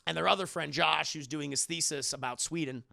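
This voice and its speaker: A man recapping a movie in a rambling, profane, animated way while talking straight to his co-host. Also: fairly high pitch, brisk, gravelly, no echo. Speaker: movie reviewer. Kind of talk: casual comedic movie recap.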